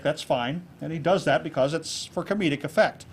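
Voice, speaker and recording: A man speaking a touch higher than most, delivering a keynote on public speaking to a club audience. He is lively and jokey and acts out little examples as he goes. A faint hiss of room noise sits under the voice. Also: moderate pace, few pauses. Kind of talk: public speaking talk on presentation skills.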